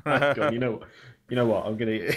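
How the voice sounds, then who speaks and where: A man's voice: medium pitch, a bit bright. A man co-hosting a live Q&A, joking and laid-back, talking into a headset mic. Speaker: co-host of a live Q&A. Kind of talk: casual chat.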